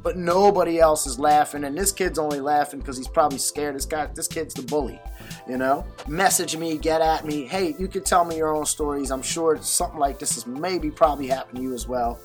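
A man's voice: on the high side, a little fast, soft background music. An adult man telling a personal story in a candid, conversational way, swearing often and using many fillers. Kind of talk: casual storytelling monologue.

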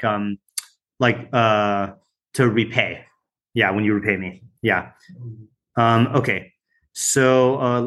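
A man's voice: mid-range voice, a bit bright. A man teaching a weekly Bible study class, reading translations aloud and stopping often with fillers and side remarks. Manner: reads translations, stops often with fillers and asides.

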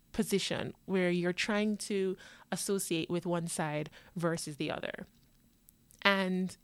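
A woman's voice: mid-range voice, no echo. A young woman born in New York and raised in Jamaica, hosting a casual solo podcast and chatting animatedly about herself. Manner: chatty and animated, acting out others' lines with laughs. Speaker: podcast host.

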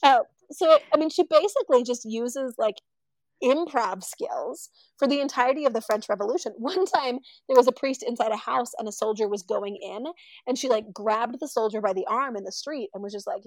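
A woman's voice: a little high, a little fast, no echo, low-quality recording. A woman telling a story casually, acting out the people she quotes. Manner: animated, acts out quoted voices.

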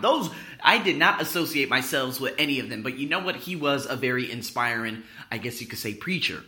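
Brief: young male host, very bright, slightly high voice, blunt casual storyteller. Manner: blunt, profane, rambling with restarts. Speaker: podcast host.

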